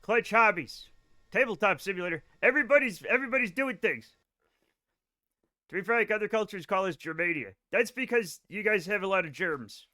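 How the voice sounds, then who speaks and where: Playing a space game on a casual livestream, this man chats, rambles and jokes with viewers between moves. He sounds high-pitched and animated, speaking fairly quickly in a pushed, bright voice.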